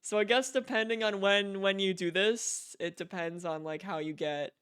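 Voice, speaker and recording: Male streamer, casual and excitable, laughs a lot, high clear voice. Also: normal speed. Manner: excitable, laughs often, breaks off mid-sentence. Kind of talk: casual chat.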